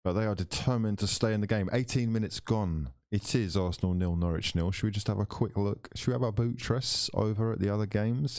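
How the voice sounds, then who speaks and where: During his football watchalong stream, a man gives live commentary, alternating between mock commentator patter and loud, excited outbursts. His voice is on the low side, captured with studio quality and no room sound.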